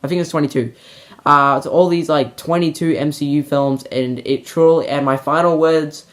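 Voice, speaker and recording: A man's voice: fairly high pitch, steady tone, normal speed. A man giving a casual spoken movie review, rambling with many fillers and restarts and sounding emotional.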